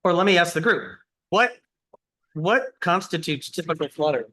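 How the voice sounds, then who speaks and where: A man's voice: a little high, lively intonation, moderate pace, pushed and bright. A middle-aged man giving a conversational teaching lecture, explaining and quizzing his audience. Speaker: cardiology lecturer.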